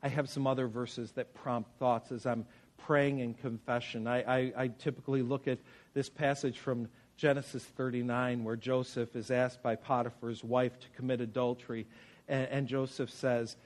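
A man's voice: medium pitch, flat delivery, moderate pace. Earnest man preaching a sermon. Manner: earnest, conversational, personal storytelling. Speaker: pastor.

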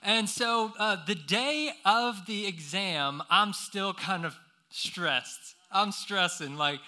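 Bright high-voiced man preaching slowly. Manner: animated storytelling, many fillers and restarts. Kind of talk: sermon with personal story.

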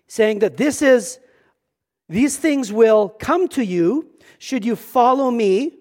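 A man's voice: very high voice, animated, slow, darkish tone. A male pastor preaching a sermon in a church, earnest and emphatic, often repeating words as he starts a thought.

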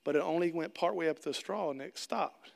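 A middle-aged pastor gives a conversational sermon, asking the congregation questions and acting out little scenes with jokes. His voice is fairly high, fairly quick, and carries vocal fry.

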